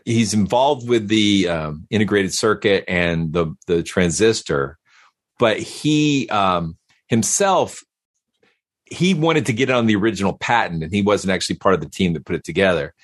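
A man talking casually as a podcast guest, animated and given to repeating words as he starts a thought. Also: low-pitched, moderate pace, no echo, studio quality. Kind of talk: casual conversation.

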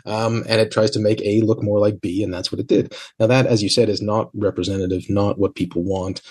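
Husky Canadian man explaining calmly. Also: fairly low pitch. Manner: measured, explanatory. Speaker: guest author. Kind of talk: conversational podcast interview.

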